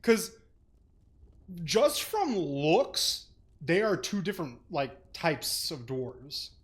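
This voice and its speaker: A man's voice: a little high, sing-song. A man co-hosting a book club podcast, chatting casually in a blunt, profane, joking way. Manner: blunt and profane, quick with jokes. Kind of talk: casual chat.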